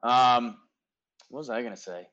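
A man's voice: medium pitch, moderate pace, fairly bright tone, dull audio. A man co-hosting a casual podcast over a remote call from home, chatty and rambling. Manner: chatty, rambling, says dude a lot. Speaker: podcast co-host. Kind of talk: casual remote sports chat. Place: home in Denver.

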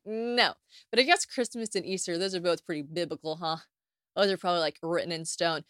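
A young woman from the United States hosting a casual solo podcast, telling stories in a chatty, animated way with plenty of swearing and acted-out quotes. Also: mid-range voice, a little fast, dry recording, clean studio sound. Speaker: podcast host.

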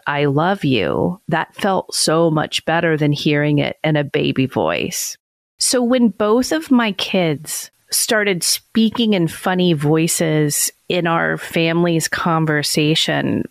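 A woman in her forties talks in a casual, reflective way and laughs easily. Her voice sits on the low side and comes through close and dry, with no room sound. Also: vocal fry, dry recording. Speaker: podcast co-host. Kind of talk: casual conversation.

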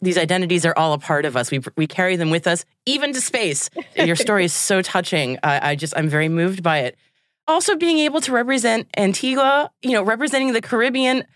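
A woman's voice: mid-range voice, expressive, brisk, a bit bright, no room sound, clean studio sound. A woman in her thirties hosting an interview, effusive and openly moved by what she hears. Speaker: host. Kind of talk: interview conversation.

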